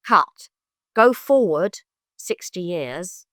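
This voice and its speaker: Older woman, London accent, mid pitch, storytelling guest, animated, dry close sound. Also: normal speed, dry recording. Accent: London English. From London, England. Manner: animated, acts out quoted voices in bursts of high pitch. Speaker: psychic guest. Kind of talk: conversational storytelling.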